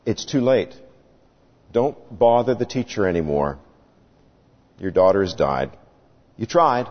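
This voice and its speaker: Lively dramatic male preacher in a hall. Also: fairly low pitch, unhurried. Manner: dramatic, acts out the people in the story. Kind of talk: sermon. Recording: dull sound with long reverb.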